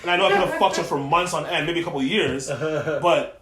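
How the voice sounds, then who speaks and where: A man's voice: a little high, fairly quick, crowd noise. A young man co-hosting a casual podcast, rambling and profane, packing his talk with "like" and "you know what I mean". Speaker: podcast co-host. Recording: echoey room.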